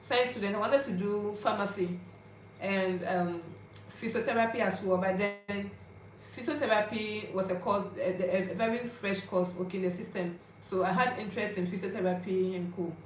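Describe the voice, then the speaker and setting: A woman's voice: medium pitch, steady tone, moderate pace, a little hiss or hum. Ghanaian woman in her 20s vlogging, confiding chatty storytelling, keeps checking in w viewers, echoey room. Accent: Ghanaian English. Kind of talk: personal storytelling to camera. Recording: roomy echo, faint ambience.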